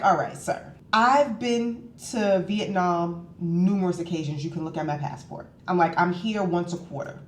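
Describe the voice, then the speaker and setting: A woman's voice: mid-range voice, reverberant. A woman vlogger in a hotel room, telling a travel story casually and acting out the dialogue. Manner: animated storytelling, acts out both sides of the dialogue.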